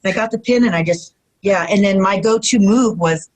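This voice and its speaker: A woman guest in an interview, telling stories in a casual, animated way, often acting out quotes and saying "you know what I mean". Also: mid-range voice, a little fast, low-quality recording. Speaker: retired pro wrestler guest.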